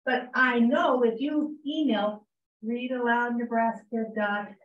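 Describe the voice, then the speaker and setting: A woman's voice: on the high side, fairly even intonation, slow. A woman who chairs a reading organization, asking the group questions and offering help. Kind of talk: casual group discussion. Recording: roomy, distant, dull, faint background hum.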